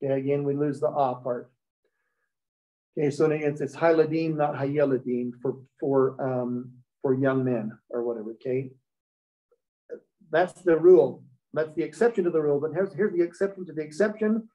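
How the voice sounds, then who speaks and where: A man's voice: a little high, normal speed, pauses often, warm tone. A man teaching a Hebrew class, explaining step by step and checking in with the students. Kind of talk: classroom lecture. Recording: dull lo-fi recording.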